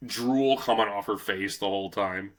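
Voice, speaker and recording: A man hosting a casual history podcast, telling the story in a loose, profane, animated way. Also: lowish voice, moderate pace. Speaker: podcast host.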